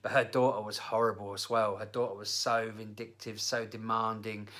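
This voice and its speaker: A man's voice: lowish voice, normal speed. A young man casually telling rambling personal stories to camera, with lots of fillers. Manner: rambling, animated anecdotes with fillers. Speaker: vlogger.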